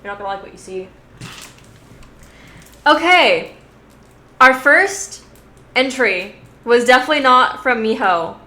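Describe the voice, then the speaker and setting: Bright lady streamer, giggly and rambly, cusses a lot, echoey room. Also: fairly high pitch, animated, measured pace, long pauses, a little hiss or hum. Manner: giggly, rambling, swears freely. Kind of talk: casual live-stream chat. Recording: roomy echo.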